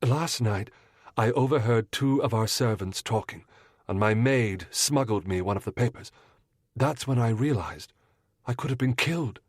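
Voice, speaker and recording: A man's voice: mid-range voice, normal speed, dry recording, clean studio sound, natural voice. A man voicing an earnest, compassionate young married woman in an audiobook, speaking in a pleading, heartfelt way. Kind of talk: audiobook character voice.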